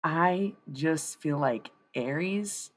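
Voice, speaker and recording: A woman's voice: sits low, extremely slow. A woman in her thirties chatting casually and profanely on a tarot livestream. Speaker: tarot-reading streamer.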